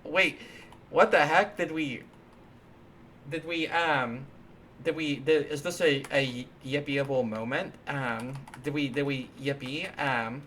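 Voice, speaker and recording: Man, stream host, casual coding chat, bright tone, halting and playful, faint hiss. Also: a little high. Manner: rambling, halting, playful, many restarts and fillers. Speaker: livestream host.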